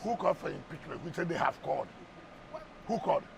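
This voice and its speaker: A man's voice: fairly high pitch, lively intonation, quick pace, creaky, noisy background. A man with a Nigerian English accent, a politician guest on a heated TV interview, firing rhetorical questions and repeating words for emphasis.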